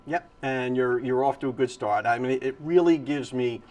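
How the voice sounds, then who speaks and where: A man's voice: medium pitch, normal speed, darkish tone. A man hosting a morning TV show, chatting with guests and often repeating their words back. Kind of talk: casual TV interview.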